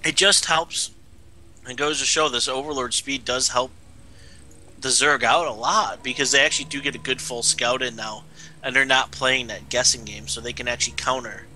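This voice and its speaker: Casual male co-caster, sharp bright tone, confident and offhand. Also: mid-range voice, steady tone, normal speed, a little hiss or hum, poor audio. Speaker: esports co-caster. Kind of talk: color commentary on a game.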